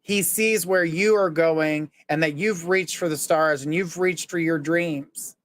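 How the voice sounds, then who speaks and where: Male psychic medium, slightly high voice, smooth and clear, live reading. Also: fairly even intonation, measured pace, a bit bright, dry recording. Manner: earnest, reassuring, relays messages in the first person.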